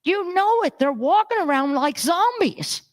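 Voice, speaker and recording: A woman's voice: very high voice, unhurried. A woman minister preaching a sermon, telling stories animatedly and acting out the voices of the people in them. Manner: animated storytelling, acts out voices. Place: church sanctuary.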